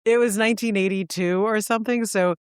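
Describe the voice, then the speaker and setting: A woman co-hosting a podcast, chatting and telling stories with animated impressions. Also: mid-range voice, fairly quick, clear, resonant tone, no echo, clean studio sound. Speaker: podcast co-host. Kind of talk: casual chat.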